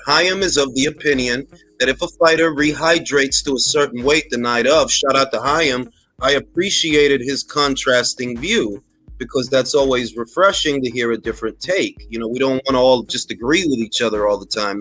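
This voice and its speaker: A man's voice: mid-range voice, pushed and bright. A man hosting a casual boxing talk livestream, speaking conversationally, repeating phrases and tossing slangy asides to his chat. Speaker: boxing talk show host.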